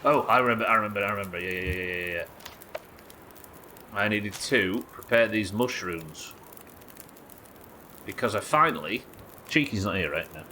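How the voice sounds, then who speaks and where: Man, game streamer, rambling casual chat, lowish bright voice, faint room noise. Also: moderate pace, long pauses. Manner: rambling, chatty, swears, self-mocking. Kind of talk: casual gameplay commentary.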